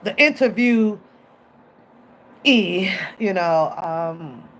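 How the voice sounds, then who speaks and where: A woman's voice: mid-range voice, very slow. A woman streamer telling a story in casual chat, acting out the people in it and laughing often. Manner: animated, acts out voices in quotes, laughs often. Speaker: reaction streamer.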